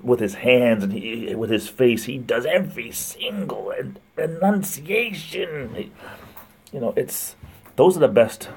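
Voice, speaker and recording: A man with a lowish, mellow, slightly rough voice hosts a casual livestream. He rambles, reads viewer comments aloud and greets people by name, laughing often between remarks.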